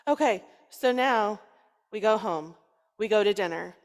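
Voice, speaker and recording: A woman rabbi telling a story to children during a service, lively and playful as she coaxes them to join in. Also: mid-range voice, measured pace. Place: synagogue sanctuary. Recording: long reverb in a large hall.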